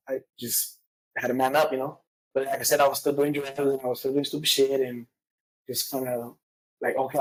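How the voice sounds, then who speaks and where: Fast, raspy-voiced guy telling his past straight, cursing a lot, loose street talk. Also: medium pitch, darkish tone, low-quality recording. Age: adult father. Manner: rapid, profane, street slang, frequent fillers. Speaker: podcast guest. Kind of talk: candid personal storytelling.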